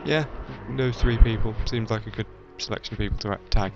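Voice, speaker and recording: On dull lo-fi audio with faint game music, a young British YouTube let's-player from the English Midlands speaks a little fast in a low, fairly even voice. His accent is generic British, slightly Midlands, and he rambles through a casual video chat, hesitating, umming and correcting himself constantly.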